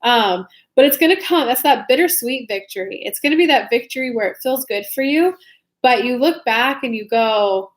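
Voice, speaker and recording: A woman's voice: on the high side, animated, normal speed. Chatty woman livestreaming tarot readings. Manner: chatty, loose and informal, greets viewers by name. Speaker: tarot reader. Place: home room with soft lighting.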